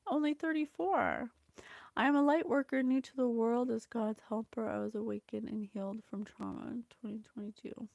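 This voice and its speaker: A woman's voice: fairly high pitch, fairly even intonation, normal speed, vocal fry, darkish tone, no echo, studio quality. A woman hosting a casual spiritual livestream, chatty and effusive, thanking viewers and reading a psalm aloud. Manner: chatty, effusive, laughs often, reads scripture aloud. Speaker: psychic reading host.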